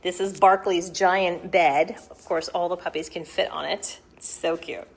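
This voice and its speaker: A woman's voice: lowish voice, fairly even intonation, measured pace, creaky. A woman hosting a casual home vlog from her living room, chatty and giggly, talking to viewers and breaking into baby talk with puppies. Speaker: dog breeder and channel host.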